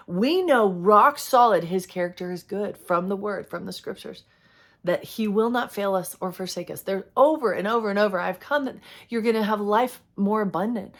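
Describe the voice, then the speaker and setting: A woman hosting a Christian video, talking candidly and with feeling about prayer and sometimes acting out what she prays. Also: mid-range voice. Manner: heartfelt, candid, acts out her prayers. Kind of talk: earnest conversational devotional talk.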